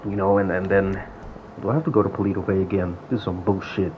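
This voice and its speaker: A man's voice: deep voice, quick pace. Profane man ranting casually, lo-fi audio. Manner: profane, animated storytelling. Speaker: gaming vlogger. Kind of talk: casual rant. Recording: dull lo-fi audio with faint noise.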